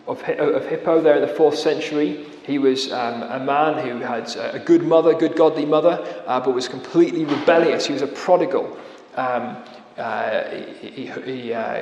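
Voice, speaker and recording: A man preaching a sermon, earnest, slowing down to stress key words and dropping to a quiet voice at the ends of phrases. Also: on the high side. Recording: echoey hall with long reverb.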